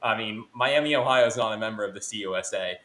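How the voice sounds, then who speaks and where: A man's voice: fairly low pitch, quick pace, pushed and bright. A man guesting on a podcast, previewing a college football game and reeling off stats and records, correcting himself as he goes. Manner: stat-heavy, self-correcting. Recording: roomy echo.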